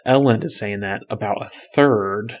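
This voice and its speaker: A man with a somewhat low voice talks through a book chapter as a podcast co-host. His delivery is loose and conversational, stumbling over restarts and leaning on fillers as he recaps. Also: normal speed. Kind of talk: casual book discussion.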